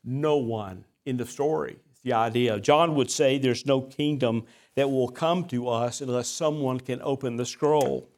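A man preaching from the pulpit, moving between a relaxed, folksy storytelling tone and emphatic, deliberate scripture reading. His pitch sits in an ordinary middle range, and he adds a gentle self-deprecating humor. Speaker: pastor. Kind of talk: sermon.

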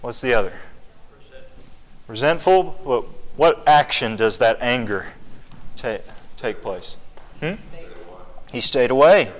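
A man's voice: mid-range voice, animated, slow, pauses often. Man teaching Bible study in a reverberant hall. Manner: asks the group questions, conversational.

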